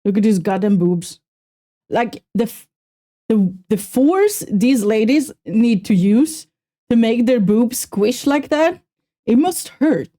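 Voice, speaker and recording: A female VTuber streamer chats casually with her viewers while reacting to a video, animated and poking fun at herself. She has a slight Swedish accent and a fairly high-pitched voice, and she talks slowly.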